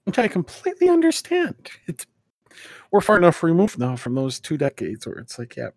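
A podcast co-host joins the chat with a bouncy, lively voice that moves up and down a lot, often chiming in to agree. It is recorded close and dry. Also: mid-range voice, brisk, dry recording. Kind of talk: casual chat.

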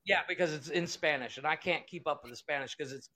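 A man chatting loosely as a podcast co-host, sitting a little high in his range. He rambles, swears freely and stalls with fillers while hunting for a name. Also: fast, bright, forceful tone. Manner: rambling, profane, trails off searching for names. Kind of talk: casual chat.

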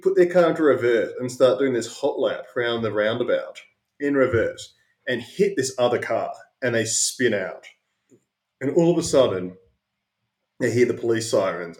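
A man's voice: mid-range voice, darkish tone. A man, hosting an interview podcast and telling a long, rambling anecdote full of fillers. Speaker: podcast host. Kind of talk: casual storytelling interview. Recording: roomy echo.

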